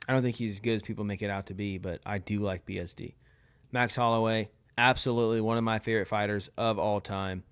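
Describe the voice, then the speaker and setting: A young man with a low, smooth voice talks in a casual commentary style. He hands out blunt, opinionated verdicts one after another, quickly and without hedging. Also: steady tone, a bit bright. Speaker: tier list video host.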